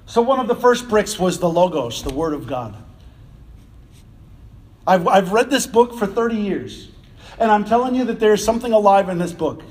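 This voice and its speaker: A man preaching a sermon, animated and conversational, often repeating words and laughing between phrases. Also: high voice, normal speed, long pauses. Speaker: pastor.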